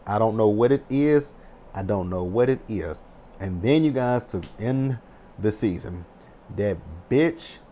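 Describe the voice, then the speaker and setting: A man in his thirties casually recapping a TV episode, animated and excitable, swearing freely. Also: fairly low pitch, a little hiss or hum. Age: 30s. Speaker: TV recap vlogger.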